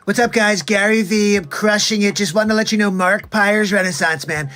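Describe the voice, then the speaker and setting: A man's voice: high-pitched, moderate pace, bright, forceful tone. A man doing a comic impression of a hyped, pushy male entrepreneur giving hustle talk. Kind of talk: comedic celebrity impression.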